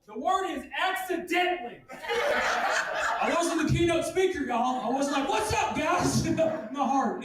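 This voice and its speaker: A man doing a crude, self-deprecating stand-up set, shouting his punchlines. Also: high voice. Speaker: stand-up comedian. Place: comedy club stage. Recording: echoey room, distant mic, noisy.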